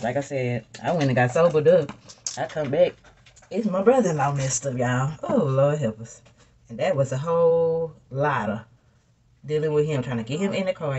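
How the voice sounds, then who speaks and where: A young woman with a very deep voice, recorded with lo-fi sound, chats animatedly to her viewers while doing her makeup. She's a beauty vlogger giving a casual, story-filled makeup tutorial, lively and talkative, calling viewers "y'all" and "girl."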